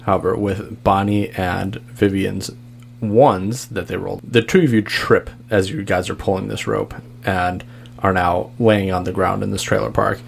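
A man's voice: fairly low pitch, level tone, moderate pace, vocal fry, slight background noise. A man narrating as game master for a tabletop game, in a laid-back way and laughing easily.

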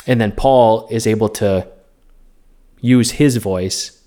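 A man's voice: on the low side, slow pace, mellow. A man co-hosting a casual movie podcast, rambling through the plot, restarting sentences and laughing often. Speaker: podcast co-host.

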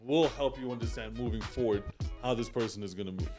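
A man co-hosting a podcast in casual chat, relaxed and giving advice, swearing freely. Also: mid-range voice, fast talker, music in the background. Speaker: podcast co-host.

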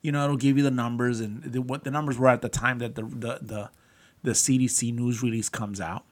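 A man's voice: medium pitch, steady tone, a little fast. A man co-hosting a podcast in casual chat, rambling and restarting his sentences. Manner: rambling, laughs often, many restarts. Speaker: podcast co-host.

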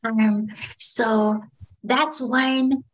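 A woman who coaches children and families, telling client stories in an animated, conversational interview. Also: fairly high pitch, drawn-out words, rough recording.

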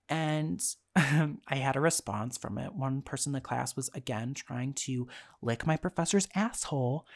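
A young adult podcast host telling a story in a frank, exasperated rant, swearing freely and laughing between phrases. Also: mid-range voice. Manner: profane, exasperated and frank, with frequent fillers.

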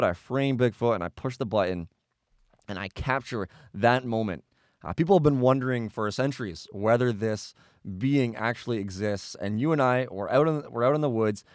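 A man co-hosting a podcast, acting out an analogy as a lively story with quoted voices. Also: mid-range voice, dry recording, studio quality. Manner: animated, acts out quoted voices. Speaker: pro-life podcast co-host. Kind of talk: storytelling an analogy in casual discussion.

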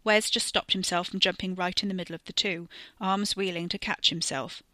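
Woman, horror story narrator, measured, slows for tension, bright tone, dry close sound. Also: on the low side, fairly even intonation, no room sound. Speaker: podcast storyteller. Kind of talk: scripted narration.

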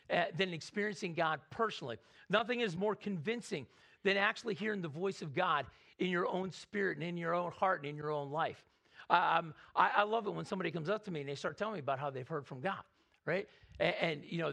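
High, gravelly-voiced pastor preaching. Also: male voice. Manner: energetic preaching, call-and-response with congregation; repeats words, slows to read scripture. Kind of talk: sermon. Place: church sanctuary.

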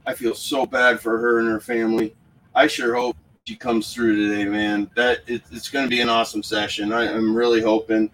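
A man's voice: mid-range voice, little pitch movement, normal speed, fairly bright tone, recorded from a distance, rough recording. A man hosting a casual live stream from a room at home, fired up and profane, talking into his phone. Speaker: paranormal livestream host.

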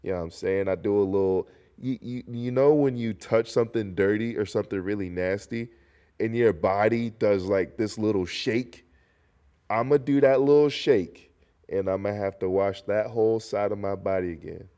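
This young North Carolinian has a fairly low, clear, resonant voice and a moderate pace. Congested, he hosts a casual solo podcast, rambling animatedly and dropping in jokes.

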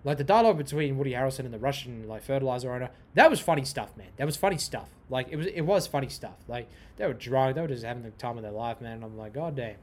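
Animated, swearing young man rambling. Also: mid-range voice, quick pace, few pauses. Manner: profane, repetitive, goes off on tangents. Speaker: podcast host. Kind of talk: casual rambling monologue.

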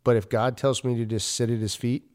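A man's voice: medium pitch, flat delivery, fairly quick, a little mellow, clean tone. A man, a ministry leader, preaching in an earnest, conversational way with many fillers and restarts. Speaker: ministry leader and podcast host. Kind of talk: casual preaching.

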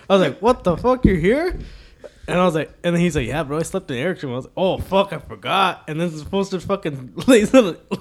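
A man's voice: on the high side, a little mellow. A young man in casual chat with friends, retelling a morning story in a laid-back, swear-filled way. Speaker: podcast co-host.

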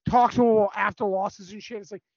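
A man's voice: high-pitched, fairly even intonation, fast, vocal fry, dull audio, a crowd in the background. A man co-hosting a podcast in casual chat, telling stories in a mocking, profane way. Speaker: podcast co-host.

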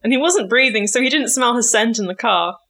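A young woman co-hosting a podcast, amused and quick to react. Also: a little high, expressive, fairly bright tone, a little hiss or hum. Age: young adult. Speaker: podcast co-host.

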